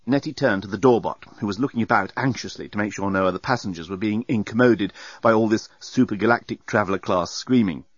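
A man narrating an audiobook in a wry, expressive storytelling manner, on a dry, slightly dull recording. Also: lowish voice, fast, few pauses, slightly rough, no echo.

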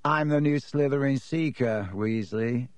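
A man voicing a smug, spiteful rich teenage boy who talks smoothly and sneeringly. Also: mid-range voice, measured pace, dry recording, natural voice.

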